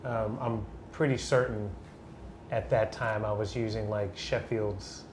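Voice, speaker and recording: A man's voice: on the low side, steady tone, measured pace, roomy sound, background noise. A man hosting a podcast, chatting casually and swearing lightly. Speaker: podcast host. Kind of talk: casual chat.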